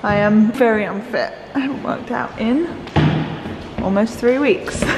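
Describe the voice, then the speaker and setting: A woman's voice: fairly high pitch, takes it slowly. A young woman, chatting enthusiastically in a casual vlog. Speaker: vlogger. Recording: echoey room with clear background noise.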